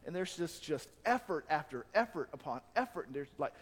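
A man delivers a sermon from a church sanctuary, animated and now and then slipping into quoted voices. His voice sits a little high, and a long reverb trails every phrase around the hall. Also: a little fast, few pauses, breathy edge. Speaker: pastor.

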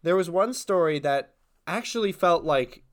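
A young man co-hosting a podcast, making dry deadpan jokes and hesitating with ums as he explains things. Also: high-pitched, moderate pace. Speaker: podcast co-host. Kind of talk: casual comedic chat.

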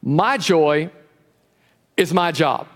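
Pastor, male, high voice, animated sermon delivery, long church reverb. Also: very slow. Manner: lively and animated, acting out quotes. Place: church sanctuary.

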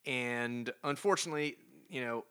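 A man's voice: medium pitch, clean tone. A man co-hosting a comic book podcast, recapping an issue in casual chat and briefly putting on voices for the characters. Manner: animated retelling with quick put-on character voices. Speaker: podcast co-host.

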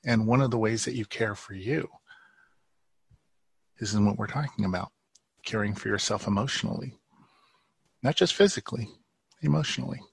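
A man speaking as a healing therapist guest in an interview, gentle and reassuring, often repeating key phrases. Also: lowish voice, moderate pace, vocal fry, long pauses, husky, no echo. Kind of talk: interview conversation.

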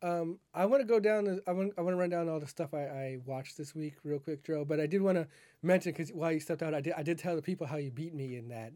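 A man's voice: fairly high pitch, quick pace, dark tone, no room sound, studio quality. A man co-hosting a casual podcast chat, rambling and correcting himself as he talks. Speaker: podcast co-host.

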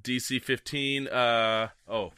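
Giggly man with a very bright voice. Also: medium pitch, fairly even intonation, takes it slowly, clean tone, dry recording. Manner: chatty, giggly, apologetic. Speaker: player. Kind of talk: tabletop game play.

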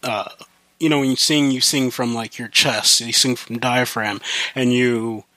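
Speaking steadily and at a measured pace, a man hosts his own podcast in a mid-range, pushed, bright voice. He's from the US Midwest, has a slight country accent, and rambles casually with plenty of profanity and fillers. There's no echo.

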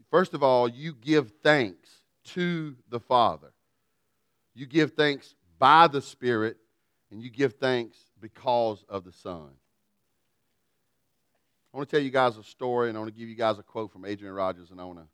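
Folksy preaching man, smooth and dry. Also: medium pitch, fairly bright tone, dry recording. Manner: folksy, humorous storytelling preacher. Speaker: pastor. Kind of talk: sermon.

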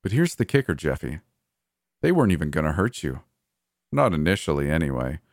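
A man's voice: a bass voice, sing-song, brisk, no room sound, studio quality, exaggerated voice. A man voicing a cold, gleeful, murderous adult brother in a horror story, with a taunting, sneering delivery. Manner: taunting, sneering, coldly cheerful.

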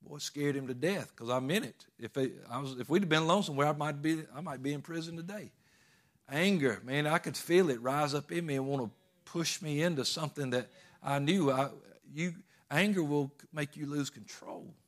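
A man's voice: fairly high pitch, a little fast. Folksy preacher man. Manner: folksy, emphatic storytelling with repeated phrases. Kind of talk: sermon.

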